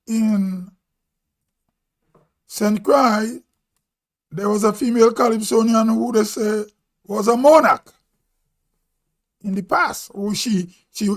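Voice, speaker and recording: Slow-talking Grenadian man, high voice. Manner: slow, musing, thinking aloud. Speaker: vlog host. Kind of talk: casual live-stream talk.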